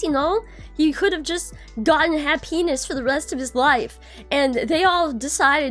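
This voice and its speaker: A woman's voice: high voice, normal speed, fairly bright tone, faint music behind. A young adult woman streaming, chatting casually and greeting her viewers by name, bubbly and swearing now and then.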